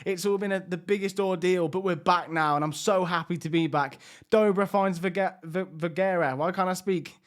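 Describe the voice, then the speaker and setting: A man commentating his own video game, swinging from hushed tension to loud excited outbursts. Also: high-pitched, moderate pace. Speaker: gaming YouTuber.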